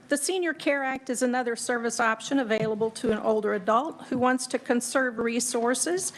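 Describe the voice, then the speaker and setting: A woman reading prepared testimony to a legislative committee in a measured, formal manner. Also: a little high.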